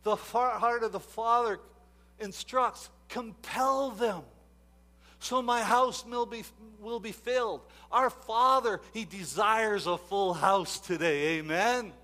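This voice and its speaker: A man preaching a sermon, moving from quiet asides to loud emphatic exhortation and repeating himself often. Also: high voice, slow pace. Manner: repeats words and restarts often.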